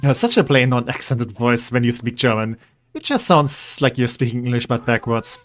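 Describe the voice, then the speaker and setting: Male game streamer, mid-pitched, casual and rambling, coaxes pets, easygoing chat. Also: moderate pace. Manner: chatty, rambling, coaxing pets. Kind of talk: casual gameplay commentary.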